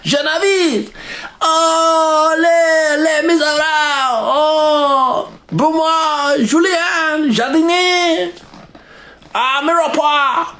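A man voicing a prim young granddaughter with a mock French accent, speaking in a theatrical, drawn-out falsetto. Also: fairly even intonation, sharp tone, heavily acted. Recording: echoey room.

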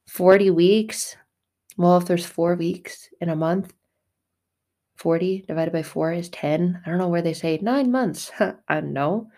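A woman's voice: lowish voice, measured pace, warm tone. A woman giving a casual spiritual monologue, speaking emphatically and bluntly, with repetitive phrasing. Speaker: faith vlogger.

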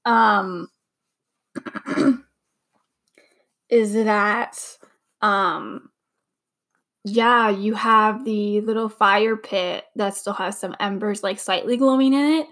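A woman's voice: medium pitch, steady tone, extremely slow, long pauses, a bit bright, rough recording. A young woman hosting a casual watch-along podcast, chatty and gushing, full of "like" fillers. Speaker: podcast host. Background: show audio playing underneath.

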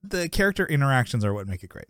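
A man's voice: mid-range voice, big pitch swings, very fast, a bit bright, clean tone, dry recording, clean studio sound. A man co-hosting a podcast in casual chat, rambling through a sitcom episode recap, laughing often and acting out the characters' lines. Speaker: podcast co-host.

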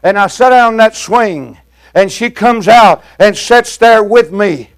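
Older guy preaching hard, real high gravelly voice, folksy, lots of uh's and shouting. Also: measured pace. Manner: shouting preaching cadence with frequent "uh" fillers; folksy, plain-spoken. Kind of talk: fiery sermon.

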